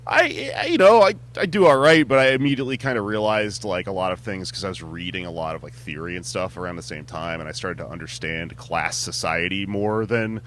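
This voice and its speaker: A man with a lowish voice answers questions in a loose, meandering way and laughs often. His stand-up background shows in his easy delivery. A faint hum runs behind him. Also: brisk, hardly any pauses. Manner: relaxed, rambling, filler-heavy, laughs often. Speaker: comedian and podcast host, interview guest. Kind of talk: casual interview chat. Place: music venue on tour.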